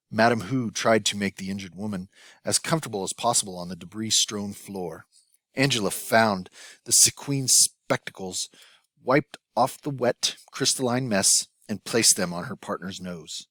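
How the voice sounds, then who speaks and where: A man reading a novel aloud as an audiobook narrator, in a measured, even scripted narration. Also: on the low side, dry recording.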